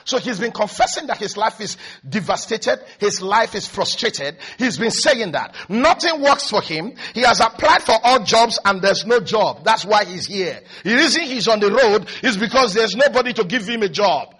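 A man preaching a fervent, repetitive sermon that rises into shouts. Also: high voice, expressive, normal speed, few pauses, breathy edge.

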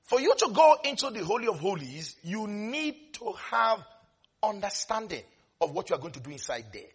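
A man preaching a sermon dramatically, swinging between quiet asides and sudden shouts with laughter. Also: high voice, sing-song, moderate pace, breathy edge.

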